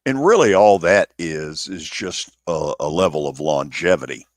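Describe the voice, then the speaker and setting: A man hosting a sports talk radio show in an unhurried, conversational way. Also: extremely low pitch, lively intonation, no echo, clean studio sound. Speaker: radio host.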